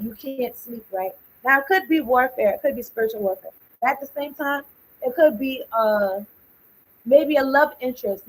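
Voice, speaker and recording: Woman, tarot reading, higher pitch, loose informal talk, thinks out loud. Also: slight background noise, rough recording. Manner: rambling, thinking aloud, trailing off; blunt and informal, with slang and swearing. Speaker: tarot card reader. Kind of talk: casual spoken tarot reading.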